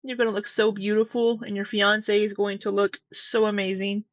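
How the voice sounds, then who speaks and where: A woman's voice: medium pitch, flat delivery, moderate pace, no echo, highs cut off. A woman hosting casual commentary, chatty and gushing with rambling asides. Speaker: commentary host.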